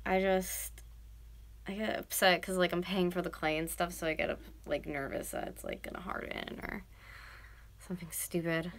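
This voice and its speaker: A woman in her twenties from North America, chatting casually on a late-night livestream at home. She rambles with lots of fillers and sometimes yells loudly to wake someone. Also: fairly low pitch, little pitch movement, normal speed. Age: 20s. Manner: rambling, filler-heavy, breaks into loud yelling to wake someone. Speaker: vlogger livestreaming. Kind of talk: casual livestream chat while doing art.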